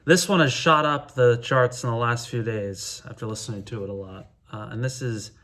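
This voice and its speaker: A middle-aged man with a medium-pitched voice, chatting to camera about music he loves. He is relaxed and enthusiastic, and often pauses to hesitate as he speaks. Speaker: music vlogger. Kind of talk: casual talk to camera counting down favorite records.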